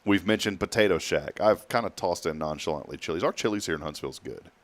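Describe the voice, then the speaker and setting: Deep-voiced man telling stories. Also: quick pace, dry recording. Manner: rambling storyteller, laughs often. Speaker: morning show host. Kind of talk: casual chat.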